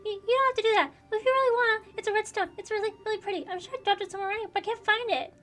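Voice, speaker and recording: A woman's voice: extremely high pitch, fairly even intonation, rapid-fire, a bit bright, slight background noise, voice pushed up. A woman voicing a shy but stubborn little orphan boy who stammers and gets defensive, with faint game music behind. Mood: flustered.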